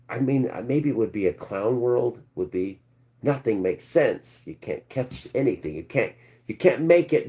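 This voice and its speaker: A man rants through a live stream like a street preacher, his voice dark and mellow at a middling pitch. He lurches between loud bursts and low muttering asides.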